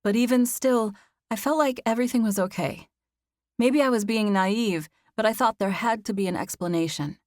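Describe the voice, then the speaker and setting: A woman narrating a romance novel in the first person, in an even, intimate storytelling manner. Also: fairly high pitch, normal speed, no echo, clean studio sound. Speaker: audiobook narrator.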